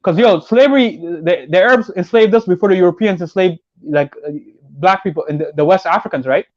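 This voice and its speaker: A man from South Sudan hosting a casual podcast chat, rapid and talking over his guest. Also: high-pitched, dry recording, muffled recording. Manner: rapid, talks over others. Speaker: podcast host.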